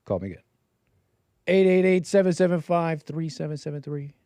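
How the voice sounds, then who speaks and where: A man's voice: a little high, animated, moderate pace, warm tone, dry recording. Joking male stream host, dry sound. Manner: rambling, joking, loose. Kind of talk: live-stream call-in show.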